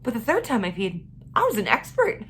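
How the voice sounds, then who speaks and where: A woman voicing her earnest six-year-old daughter in a high, pleading child's voice. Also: huge pitch swings, a little fast, a bit bright, slight background noise, exaggerated voice. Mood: proud.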